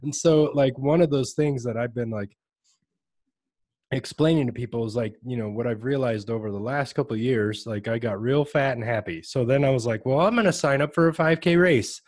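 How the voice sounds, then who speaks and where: A man's voice: mid-range voice, moderate pace, dark tone, dry recording. A man hosting a casual podcast chat, talking animatedly and laughing often as he acts out little voices. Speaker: podcast host.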